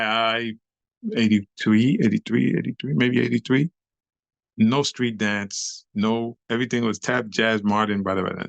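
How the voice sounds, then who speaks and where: A man's voice: medium pitch, gravelly, a bit bright, no echo. A middle-aged man, a guest on an interview show, telling a story animatedly, swearing freely in street slang and acting out scenes with beats and sound effects.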